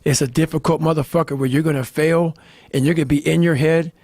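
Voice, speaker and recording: A middle-aged man talks in a raised, gravelly register, close and dry on the mic. He is blunt and swears constantly as he pushes a hard-edged motivational message. His delivery lurches from low growls into sudden shouted bursts. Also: fairly even intonation, fast, dry recording. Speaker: motivational speaker. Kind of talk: intense profane monologue.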